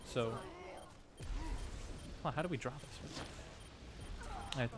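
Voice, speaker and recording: A man's voice: medium pitch, slow. A man coaching as he reviews team match footage, thinking aloud in a casual, analytical way with frequent restarts. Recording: noticeable background noise.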